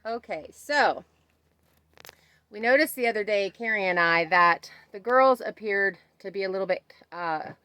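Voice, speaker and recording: A woman's voice: mid-range voice, expressive, moderate pace, sharp tone, clean tone, no room sound. A middle-aged woman hosting a casual homesteading vlog, chatting about goat care outdoors on her farm and laughing at her own slip-ups. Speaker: homesteading vlogger.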